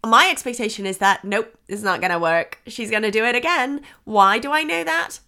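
A woman's voice: a little high, moderate pace, bright, forceful tone. A woman hosting a parenting podcast, talking earnestly and reassuringly, acting out what a parent or child might say. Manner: quotes child and parent voices in shifting tones. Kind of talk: podcast advice talk.

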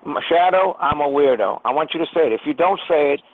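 A man's voice: a little high, lively intonation, fast talker, no echo. A man hosting a prank call-in, ranting with menacing, profane threats. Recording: tinny phone line.

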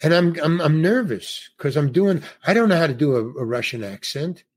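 An older man in his eighties, originally from New York, talks as a podcast guest. His voice is husky and sits a little high for a man. He tells a meandering story, slipping into the voices of people he quotes. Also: animated, moderate pace. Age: 80s. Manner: rambling storyteller who acts out quoted dialogue. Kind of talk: casual anecdote telling.

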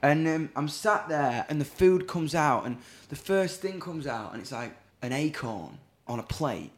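Sweary British bloke telling a story. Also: male voice, on the high side, unhurried. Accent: British English. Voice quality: animated, swears freely, acts out dialogue. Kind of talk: casual chat, telling a funny anecdote.

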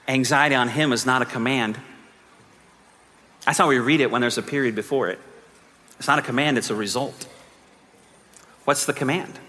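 A man preaching a sermon as pastor, moving from quiet teaching to fervent, almost shouted appeals. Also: mid-range voice, long reverb tail.

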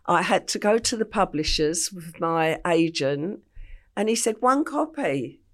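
A woman's voice: lowish voice, measured pace. An older English woman, an interview guest, telling her story vividly and acting out the voices she quotes. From England.

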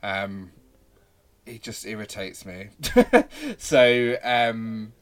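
A man co-hosting a casual film chat, retelling scenes in an animated way with frequent ums and laughs. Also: fairly low pitch, measured pace. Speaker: podcast co-host.

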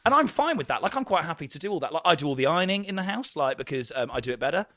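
A man chatting casually as a podcast guest, animated and self-mocking with quick asides. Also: a little high. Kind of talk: casual chat.

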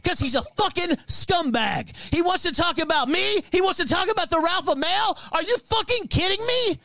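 A man with a strikingly high voice hosts a livestream and rants in fury, swearing and threatening constantly. His voice sits close and dry, with no room around it. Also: lively intonation, normal speed, few pauses, dry recording. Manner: profane, threatening, heated and loud. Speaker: livestream host. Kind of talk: angry livestream rant.

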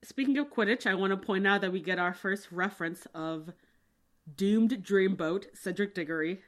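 A woman's voice: medium pitch, normal speed. A woman co-hosting a casual book discussion podcast, talking animatedly with laughs and exasperated rants. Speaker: podcast co-host.

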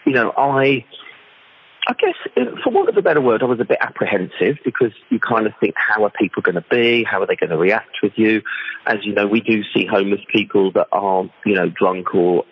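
A man talking casually, chatty and often checking in with "you know what I mean", his voice gravelly and husky. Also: on the low side, a little fast, highs cut off. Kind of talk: casual conversation. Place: London.

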